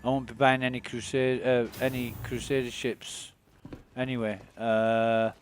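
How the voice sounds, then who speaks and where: A man streams a video game with laid-back, rambling commentary on what he sees, swearing freely now and then. His medium-pitched voice has little pitch movement and a measured pace. A little hiss or hum sits under the recording.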